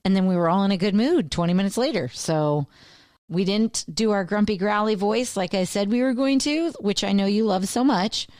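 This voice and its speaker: A woman co-hosting a podcast in casual chat, playful and quick to laugh, slipping into silly voices. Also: medium pitch, a little mellow, no room sound, studio quality. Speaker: podcast co-host.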